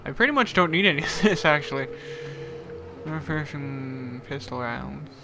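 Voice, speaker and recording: A man's voice: fairly high pitch, moderate pace, vocal fry, noisy background. A man joking sarcastically and swearing through casual commentary on a game he is playing. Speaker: let's play gamer.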